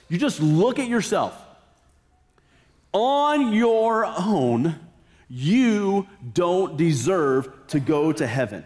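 A male preacher with a high voice gives a casual, conversational sermon. He lands his points emphatically and drops in slangy asides. His voice trails in a long, echoey hall reverb.

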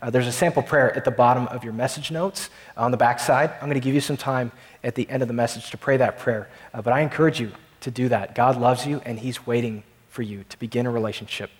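A pastor preaching a sermon to his congregation, emphatic and slowing down to stress key lines. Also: medium pitch, fairly even intonation, reverberant, long reverb tail.

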